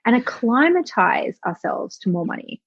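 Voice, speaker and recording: A woman's voice: on the high side, big pitch swings, normal speed, husky, dry recording. A middle-aged woman coach talking candidly as a podcast guest, swearing freely and acting out the thoughts of her clients. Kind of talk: casual interview chat. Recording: slightly dull lo-fi audio.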